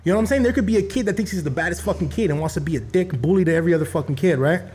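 A man, a podcast guest who chats casually, full of profanity and street slang, animated. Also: high voice, very fast. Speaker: podcast guest, behavioral interventionist.

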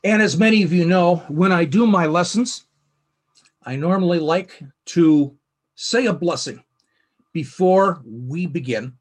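A middle-aged man teaching a Bible lesson, speaking earnestly and slowing to stress key phrases. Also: on the high side. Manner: earnest, with slow emphatic phrasing. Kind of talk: scripted teaching.

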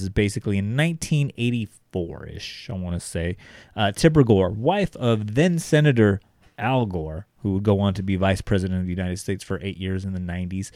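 A man's voice: fairly low pitch, darkish tone, no room sound, clean studio sound. A man co-hosting a podcast, reading a sponsor spot and chatting casually, loose and profane, often saying "guys". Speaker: podcast co-host. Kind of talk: casual podcast chat with ad read.

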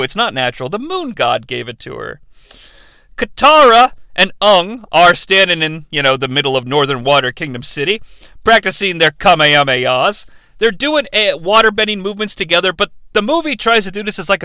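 Sarcastic, swearing man with a bright voice. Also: high-pitched, no echo. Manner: sarcastic, profane, rambling. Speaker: podcast host reviewing a film. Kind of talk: casual comedic film recap.

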